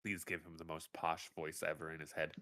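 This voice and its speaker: A man's voice: rumbling low, monotone, brisk, sharp tone. A man playing a tabletop game, making joking remarks. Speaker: player. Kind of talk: casual tabletop play.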